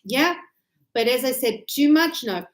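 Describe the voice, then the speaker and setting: Woman, english teacher, animated, acts out dialogues, high voice, echoey room. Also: measured pace. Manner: animated, acts out little dialogues to illustrate usage. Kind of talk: explaining grammar to learners.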